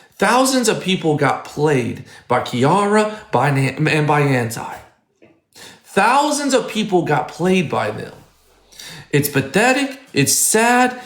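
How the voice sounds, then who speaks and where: A man's voice: on the high side, fairly bright tone. A man on a live stream, ranting to his chat in a heated, profane way and repeating his points. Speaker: livestreamer addressing chat. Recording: echoey room.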